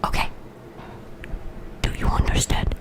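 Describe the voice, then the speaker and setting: A young woman whispering through an ASMR livestream, giggly and self-mocking as she talks straight to her chat. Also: a little slow. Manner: addresses chat directly. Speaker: ASMR streamer. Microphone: earbuds with a streaming mic.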